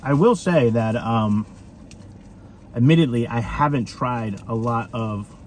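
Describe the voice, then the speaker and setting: Dude rambling through a fast food review in his car, faint road noise behind. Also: medium pitch, darkish tone. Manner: chatty, rambling, with many fillers. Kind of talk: casual food review vlog.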